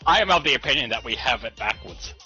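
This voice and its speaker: Low guy with a really sharp tone, ranting and cussing, muffled stream sound. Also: quick pace. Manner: animated ranting, swears often. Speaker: guest on a stream. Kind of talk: casual chat. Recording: muffled stream audio with faint music.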